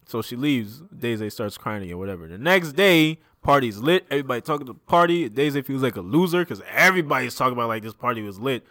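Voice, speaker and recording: This man in his thirties talks in a relaxed, slangy way, retelling a story and slipping into the characters' lines. His voice sits at an ordinary middle pitch for a man. It is recorded dry and close, with no room sound. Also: quick pace, hardly any pauses, no echo. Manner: laid-back slangy storytelling, acting out lines. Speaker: podcast co-host. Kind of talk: casual chat, retelling a comic story.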